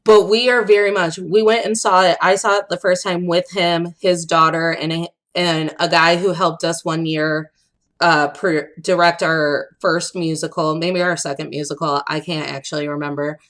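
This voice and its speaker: A woman's voice: fairly low pitch, normal speed. Chatty young woman telling stories. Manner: animated storyteller, acts out quotes, laughs often. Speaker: podcast co-host. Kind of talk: casual chat, storytelling.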